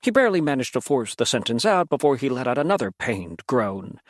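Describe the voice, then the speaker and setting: Expressive male fantasy narrator, lively delivery, dry booth sound. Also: medium pitch, a little fast, no echo. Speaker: audiobook narrator.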